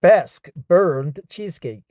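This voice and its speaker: A man with a Korean accent works through an English script at a slow, deliberate pace, repeating phrases to get them right. His voice sits slightly high yet sounds mellow, and the recording is dry and close with no room around it. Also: expressive, no room sound. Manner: stumbles and self-corrects mid-word. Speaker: English learner practicing reading aloud. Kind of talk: reading practice with self-commentary.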